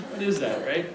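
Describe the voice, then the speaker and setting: A man's voice: high voice, very noisy. A young man doing a stand-up routine at a church Christmas party, rambling and poking fun at himself, recorded by a far-off camera. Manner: rambling, self-mocking, playful. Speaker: stand-up comedian. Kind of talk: stand-up comedy. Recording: echoey room from far off.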